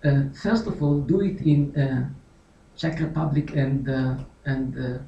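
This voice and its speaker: A man's voice: mid-range voice, a little slow, mellow, slight background noise. A man whose first language is Hebrew, a guest lecturer answering questions emphatically with rhetorical repetition. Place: lecture hall. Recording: echoey hall, distant, dull.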